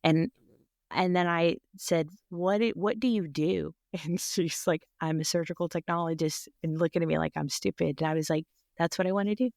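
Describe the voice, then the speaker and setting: A woman telling a personal story with animated energy, acting out other people's voices and laughing often. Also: on the low side, moderate pace, vocal fry, dry recording, studio quality. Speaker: guest.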